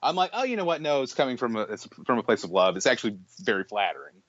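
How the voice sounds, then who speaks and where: A man's voice: medium pitch, fast, dry recording. A young man spins a long story on a comedy podcast, tripping over his own restarts and slipping into quoted voices. His voice sits in a middling register. The sound is dry and a little dull, with no room around it. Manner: animated storyteller, many restarts, acts out quotes. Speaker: podcast co-host. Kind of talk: casual chat.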